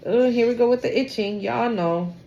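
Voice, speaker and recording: A woman's voice: fairly high pitch, normal speed, mellow, muffled recording, slight background noise. A young woman giving a casual tarot reading to her viewers, slangy and exclamatory, often close to tears. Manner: emotional, exclamatory, slangy, swings to near tears. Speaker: tarot reader.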